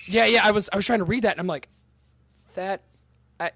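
A man's voice: high-pitched, very fast, vocal fry, pushed and bright. A man from Michigan chatting casually, swearing and joking about himself. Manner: swears, self-deprecating. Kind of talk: casual chat.

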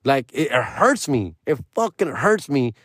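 A man ranting in casual, profane slang and dropping Spanish phrases, his pitch jumping up and down as he talks. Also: very animated, measured pace, a bit bright, slightly rough, no echo, studio quality. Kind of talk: casual rant.

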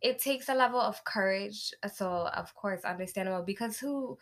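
A woman's voice: medium pitch, moderate pace, a bit bright. A woman co-hosting a podcast, talking in an earnest, encouraging way and laughing easily. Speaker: podcast co-host. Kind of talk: casual podcast chat.

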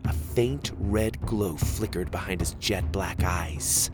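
A man narrating a children's adventure story in the first person, with expressive storytelling. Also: low voice, slow pace. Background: faint music.

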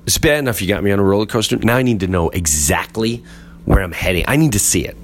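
A man hosting a podcast, telling a comic story with animated delivery and acting out other people's voices. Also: lowish voice, quick pace, a little hiss or hum. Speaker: podcast host.

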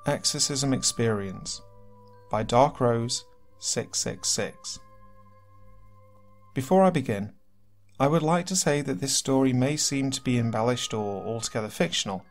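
Man, horror story narrator, medium pitch, steady, faint background music. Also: a little slow, long pauses. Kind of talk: scripted narration of horror stories.

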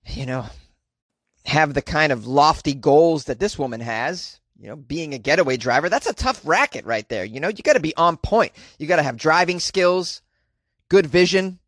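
A man's voice: a little high, animated, moderate pace, fairly bright tone, dry recording, studio quality. A man hosting a comedy podcast, talking in a rambling, self-deprecating way with lots of fillers. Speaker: podcast host. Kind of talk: casual comedic monologue.

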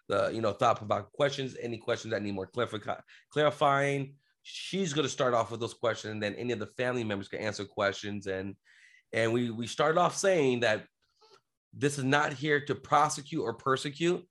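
A man's voice: mid-range voice, fairly bright tone. Earnest man telling a story. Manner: earnest, rambling with restarts. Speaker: podcast guest. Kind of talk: casual storytelling.

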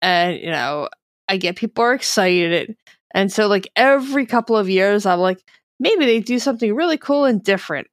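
A woman's voice: mid-range voice, expressive, moderate pace, dry recording, clean studio sound. A woman guest on a podcast telling stories in casual chat, with a wry edge. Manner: chatty storyteller, wry.

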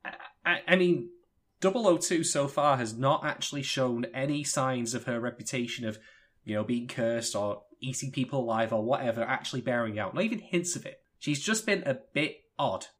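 A man co-hosting a podcast, giving opinionated, animated views in casual anime review chat. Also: medium pitch, moderate pace. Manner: opinionated, animated, emphatic rises. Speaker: podcast co-host.

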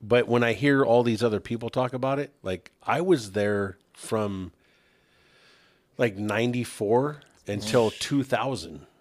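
A man co-hosts a podcast and looks back on old times with real emphasis. His voice sits at an ordinary middle pitch. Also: a little slow. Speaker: podcast co-host. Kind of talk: casual chat.

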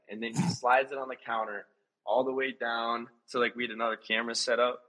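A young man with a husky, slightly breathy voice at a middle pitch, talking in a relaxed, easygoing way. He tells stories casually and laughs along as he goes, like a contestant chatting in an interview. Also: fast, low-quality recording. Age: young adult. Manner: laid-back, laughs while telling stories. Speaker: reality show contestant.

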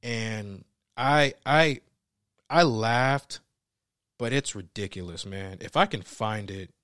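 A young man giving a casual, animated spoken film review, emphatic and slangy, swearing freely. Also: on the low side, slow, no echo, studio quality.

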